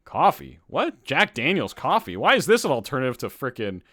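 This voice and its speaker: A man hosting a casual live-streamed podcast, reading a list aloud and breaking off into loud, excited reactions. His pitch jumps all over the place, from low mutters to high exclamations. He is hungry and says so often. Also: fairly quick. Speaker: podcast host.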